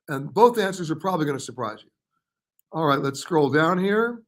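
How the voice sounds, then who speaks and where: A chatty male travel host answers viewers live, reading their comments aloud and passing quick verdicts on their guesses. His voice sits a little higher than most men's, and he keeps it loose and conversational. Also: lively intonation. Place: hotel or studio in Paris.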